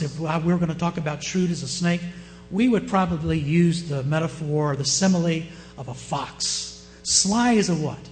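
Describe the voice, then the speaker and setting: A man with a Southern US accent preaching a sermon, often asking his listeners questions and shifting his pace and loudness. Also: high-pitched. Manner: asks the congregation questions, varies pace and loudness. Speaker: pastor.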